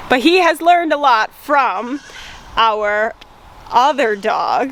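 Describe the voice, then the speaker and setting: A woman's voice: fairly high pitch, animated, drawn-out words, pauses often, a bit bright, a little hiss or hum. A woman from Rhode Island chatting casually as a farm vlogger, cheerful and laughing often between sentences, outdoors on her farm. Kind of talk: casual vlog chat.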